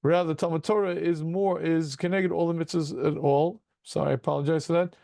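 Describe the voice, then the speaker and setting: A man teaching a Talmud class to students over a video call, asking rhetorical questions and breaking into quick chuckles. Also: on the high side, creaky, dry recording, clean studio sound. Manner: animated, rhetorical questions, addresses students as gentlemen; self-deprecating chuckles, quick asides.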